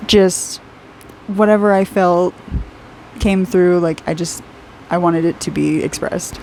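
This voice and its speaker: A woman in her twenties, an aura reader and artist, speaks in a fairly low, slightly mellow voice with a little hiss or hum behind it. While drawing, she gives a casual intuitive aura reading, chatty and rambling, laughing a lot and using "like" often.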